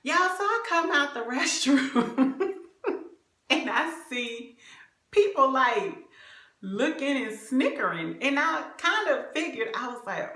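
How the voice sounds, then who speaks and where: A young woman vlogger telling a comic dating story, animated and confiding, laughing along with her viewers. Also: high voice, a little slow. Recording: roomy echo.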